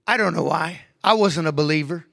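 High-voiced, emphatic male preacher. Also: brisk, gravelly, no room sound. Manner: emphatic, swinging from hushed to raised. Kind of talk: sermon.

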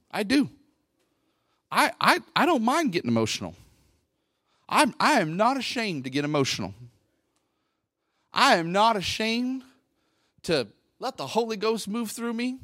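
A middle-aged male pastor preaching a Pentecostal sermon into a microphone in a church, talking conversationally and then swelling into loud, fervent bursts. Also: sits high, no room sound, clean studio sound. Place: church sanctuary. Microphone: handheld microphone at the pulpit.

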